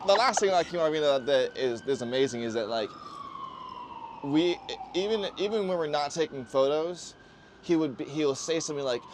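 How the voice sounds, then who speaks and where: A man hosting a casual chat, talking animatedly and acting out others with loud exclamations. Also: fairly high pitch, expressive, moderate pace. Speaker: podcast host. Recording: outdoor rooftop with faint background noise.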